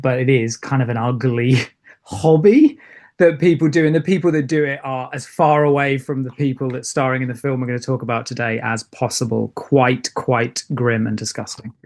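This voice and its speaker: A man co-hosting a podcast in a dry, understated way, chuckling quietly at the others. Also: mid-range voice, fairly even intonation, normal speed. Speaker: podcast co-host. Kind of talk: casual podcast banter.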